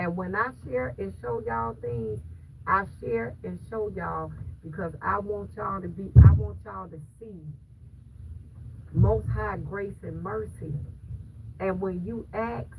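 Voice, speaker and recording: A woman vlogger with a gravelly voice talks to her viewers in a loose, faith-filled chat, emphatic and preachy. She sits well away from the mic. Loud background noise runs under her words. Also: medium pitch, far from the mic, rough recording. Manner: emphatic, preachy, repeats phrases for stress.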